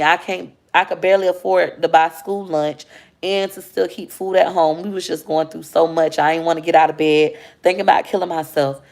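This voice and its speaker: A woman's voice: fairly low pitch, gravelly. A woman, a mother livestreaming, telling a heartfelt personal story to her viewers. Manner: candid, heartfelt, addresses viewers as y'all.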